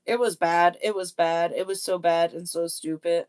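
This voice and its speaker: A woman's voice: lowish voice, steady tone, normal speed, a little mellow, clean tone. A woman live streaming in casual chat. She is chatty and self-deprecating, and she laughs often.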